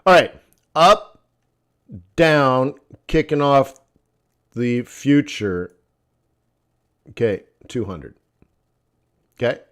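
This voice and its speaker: Blunt, tired forex trading teacher. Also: male voice, mid-range voice, lively intonation, extremely slow, long pauses, a bit bright, clear, resonant tone. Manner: blunt, sardonic, thinking aloud over charts. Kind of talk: live-streamed trading lesson.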